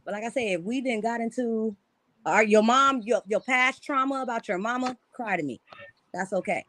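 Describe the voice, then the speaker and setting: A woman co-hosting a podcast who talks in an animated, rambling, repetitive way in a casual debate. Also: fairly high pitch, moderate pace. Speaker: podcast co-host.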